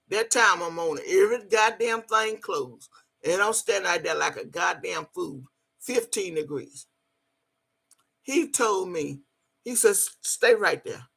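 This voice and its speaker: A woman's voice: mid-range voice, bright, forceful tone, breathy edge. A woman, telling a story in a blunt, emphatic way and cussing freely. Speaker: vlogger. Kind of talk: profane storytelling monologue.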